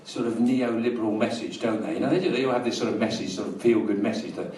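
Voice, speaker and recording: This stand-up comic from London tells absurd, meandering stories deadpan and dry, occasionally launching into loud rants in a small live room. His voice is fairly low and his pace quick, captured from afar in a roomy recording with the audience laughing.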